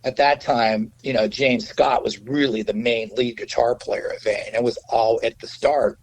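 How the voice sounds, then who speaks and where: A middle-aged man, a guest musician, telling anecdotes in an interview, animated, swearing freely and acting out quotes in a raised voice. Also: mid-range voice, moderate pace, low-quality recording.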